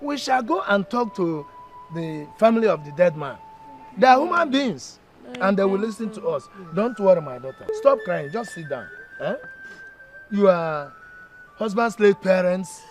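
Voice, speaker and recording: A calm Nigerian father. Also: sits high, normal speed, faint music behind. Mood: soothing. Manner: soothing, firm, repeating himself. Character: caring older father, calm and reassuring. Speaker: father figure consoling his daughter. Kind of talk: Nollywood film acting.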